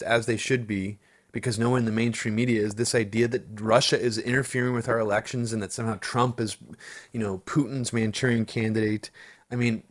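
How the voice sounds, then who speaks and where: A man talking politics in casual chat, swearing freely and restarting his sentences as he thinks. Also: medium pitch. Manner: casual, profane, rambling with restarts.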